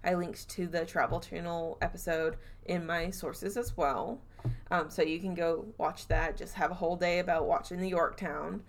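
A woman's voice: fairly low pitch, moderate pace. Chatty southern woman telling a spooky story. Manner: chatty, animated, acts out quotes with laughs. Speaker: podcast host. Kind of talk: casual storytelling chat.

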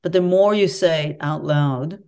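Earnest woman with a lowish voice. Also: a little slow, gravelly, a little mellow. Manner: earnest, reflective, speaks candidly about personal pain. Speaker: guest, professor and author. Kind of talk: conversational interview storytelling.

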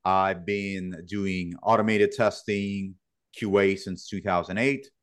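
A man's voice: low voice, steady tone, slow pace. A man introducing himself on a podcast panel, sounding enthusiastic and eager. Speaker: panel guest. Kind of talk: casual self-introduction.

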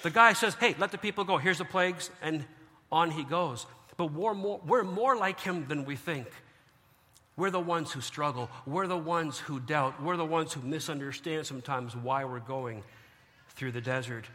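A man preaching a lively sermon, joking and acting out the people of the story. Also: on the high side, measured pace, big-room sound. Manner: animated, joking, acts out biblical figures. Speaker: pastor.

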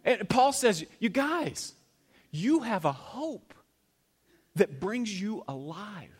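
Man, pastor, sermon, somewhat high voice, dramatic loud-soft swings. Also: takes it slowly, slightly rough. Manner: animated preaching, swings from loud to hushed. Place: church.

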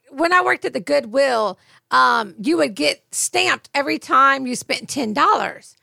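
A woman's voice: high voice, expressive, a little slow, gravelly, bright, forceful tone, no echo, clean studio sound. A woman co-hosting a faith podcast, telling stories emphatically and laughing often. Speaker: podcast co-host.

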